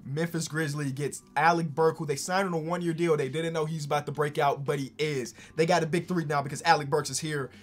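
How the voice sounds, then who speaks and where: Excitable man doing game commentary. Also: fairly high pitch, a little fast, few pauses, soft background music. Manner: excitable, swings from hyped to dry asides. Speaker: basketball gaming YouTuber. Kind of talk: casual gameplay commentary.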